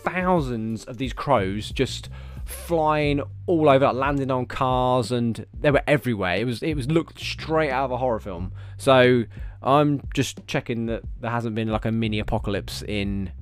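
A man's voice: medium pitch, normal speed, clear, resonant tone. Swearing man ranting on a podcast. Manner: swears heavily, rambling and animated. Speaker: podcast host. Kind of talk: casual solo podcast chat.

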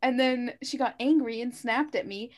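A woman's voice: a little high, moderate pace. A woman in a casual group chat, telling a story with casual swearing.

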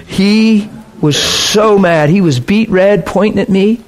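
A man's voice: high-pitched, slow. A man preaching a conversational sermon, telling stories with casual, emphatic asides.

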